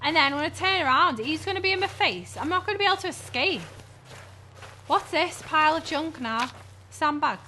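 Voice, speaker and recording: Casting: woman, very high bright voice, skittish horror-game commentary, swears and yelps. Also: expressive, normal speed, a little hiss or hum. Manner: jumpy, swears and screams at scares. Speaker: gamer. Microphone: headset.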